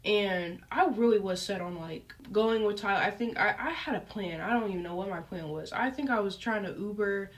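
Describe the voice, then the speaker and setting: A young woman vlogger telling a casual story, animated and full of fillers like "like" and "um". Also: mid-range voice, normal speed, hardly any pauses. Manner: animated, lively retelling with frequent fillers. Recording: voice picked up from a distance.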